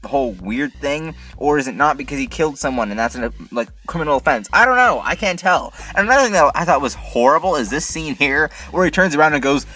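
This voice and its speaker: A man's voice: a little high, lively intonation, fast, hardly any pauses, sharp tone. A man hosting his own video review channel, complaining in an exasperated, incredulous way with many rhetorical questions. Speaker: TV episode reviewer, channel host. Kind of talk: casual ranting review.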